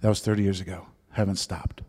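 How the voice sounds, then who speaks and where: A man in his fifties telling his conversion story as a sermon testimony, shifting from lively storytelling to soft, hushed moments. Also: deep voice, fast. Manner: storytelling, drops to soft whispers at emotional moments. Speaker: preacher giving a testimony. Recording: long hall reverb.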